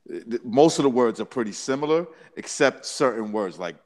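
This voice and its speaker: A man chatting on a podcast, speaking haltingly with many restarts. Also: mid-range voice, lively intonation, darkish tone, in a large hall. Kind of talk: casual podcast chat.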